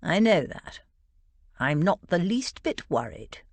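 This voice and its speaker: A woman's voice: lowish voice, sing-song, takes it slowly, dry recording, full character voice. A woman doing a stiff, cold proud duke. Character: proud, stiff young male duke, the groom.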